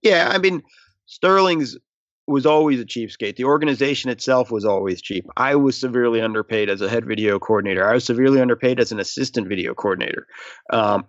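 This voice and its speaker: A man's voice: medium pitch, no room sound, dull audio. A man, a former team staffer, talking as a guest in a casual interview, rambling with fillers. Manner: rambling, many fillers and restarts.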